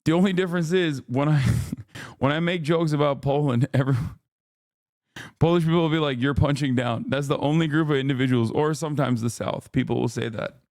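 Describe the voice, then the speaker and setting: A man's voice: fairly high pitch, fairly even intonation, brisk, a little mellow, no room sound, clean studio sound. Profane, laughing male streamer. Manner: brash, profane, laughing, mock accents. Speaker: streamer reacting to a video. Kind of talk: casual live-stream chat.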